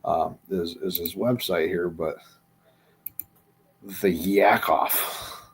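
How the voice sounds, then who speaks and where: A man hosts a relaxed chat show and reads out viewer comments in a dry, low-key way. His voice is low and a bit husky. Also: very slow. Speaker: host.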